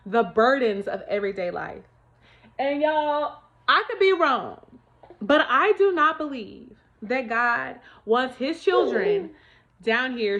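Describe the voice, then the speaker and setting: A woman's voice: fairly high pitch, fairly bright tone, lo-fi sound. A woman vlogging at home, chatting emphatically to her viewers about faith and money. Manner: chatty, emphatic, keeps calling viewers y'all. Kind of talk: casual faith testimony to viewers.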